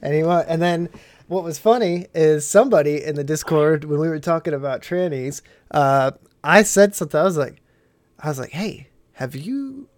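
A man's voice: on the high side, a little fast. An American army veteran co-hosting a podcast, swearing freely, laughing often and restarting his sentences in casual chat. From United States.

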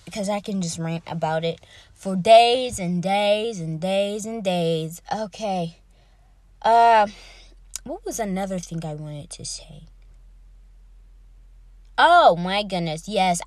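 A woman's voice: medium pitch, lively intonation, takes it slowly, long pauses, no room sound. A young woman hosting her own podcast, chatting casually and rambling from one topic to the next. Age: young adult. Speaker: podcast host.

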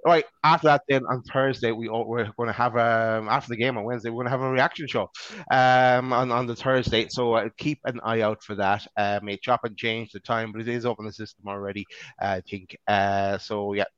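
A man chatting on a fan podcast, with a smooth, resonant voice at a middling pitch. He rambles through plugs and restarts his sentences often. The sound is dry and dull, like lo-fi call audio. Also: steady tone, a little fast, fairly bright tone, no echo. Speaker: podcast co-host. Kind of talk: casual fan-show chat.

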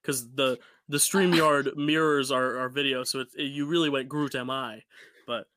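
A man's voice: mid-range voice, fairly even intonation, moderate pace, sharp tone, dry recording. A young man co-hosting a casual podcast chat, talking loosely with many fillers and restarts over a home call mic. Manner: chatty, rambling with fillers and restarts. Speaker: podcast co-host.

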